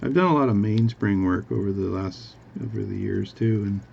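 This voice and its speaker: Gravelly husky guy rambling at his watch bench, kinda dull lo-fi sound. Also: lowish voice, moderate pace, slight background noise. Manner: rambling, jokey, self-amused asides. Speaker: hobby watchmaker. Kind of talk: casual workbench tutorial chat. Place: home workbench.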